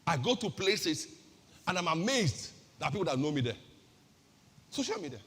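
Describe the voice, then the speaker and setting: A woman's voice: low-pitched, very animated, moderate pace, husky, big-room sound. A woman pastor with a Nigerian accent giving an emphatic sermon-style talk, firing off rhetorical questions and repeating her key phrases.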